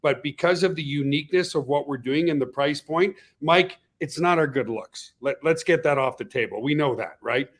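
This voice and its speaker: A man's voice: fairly high pitch, moderate pace, hardly any pauses, fairly bright tone. A man from Canada hosting a live webinar, upbeat and chatty, greeting viewers by name. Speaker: webinar host. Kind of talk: casual live webinar chat.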